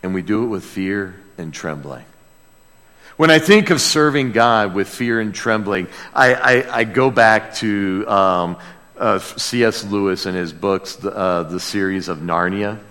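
Pastor guy preaching slow and bouncy, asks the crowd stuff, big echoey church. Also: lowish voice. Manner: animated, talks directly to the congregation with questions. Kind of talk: sermon.

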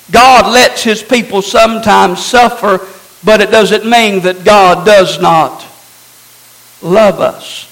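A man's voice: extremely high pitch, vocal fry, bright, forceful tone, low-quality recording. A man preaching a sermon to his congregation, teaching in an emphatic way and asking rhetorical questions. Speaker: pastor.

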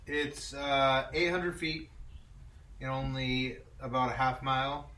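A man answering briefly and in a low-key way with facts when his wife asks. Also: fairly even intonation, takes it slowly, sharp tone. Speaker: husband of the pastor. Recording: distant voice in an echoey room.

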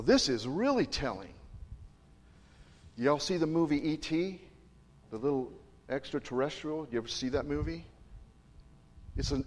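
A male pastor preaching a sermon in a chatty, digressive way, joking with and questioning his congregation. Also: medium pitch. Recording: long reverb in a large hall.

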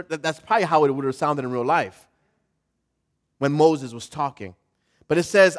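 High-voiced man preaching a sermon. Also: measured pace, pauses often. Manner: animated, swings from loud to quiet, repetitive.

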